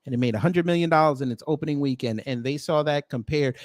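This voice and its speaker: A man's voice: fairly high pitch, fast, no echo, studio quality. An American man doing reaction commentary with a sarcastic, incredulous, slangy delivery. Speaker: commentary vlogger.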